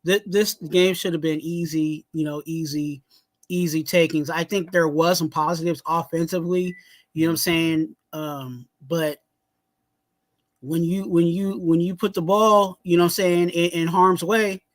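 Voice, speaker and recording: A man hosting a fan sports show, ranting heatedly and often shouting, with lots of "you know what I'm saying". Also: on the high side, steady tone, a little slow, dry recording. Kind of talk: casual sports talk, ranting segment.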